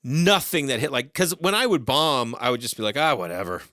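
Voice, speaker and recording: Man, comedian, from boston, animated storytelling, bright voice, dry sound. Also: medium pitch, fairly quick, no room sound. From Boston area, USA. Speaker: comedian guest. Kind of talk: casual storytelling chat.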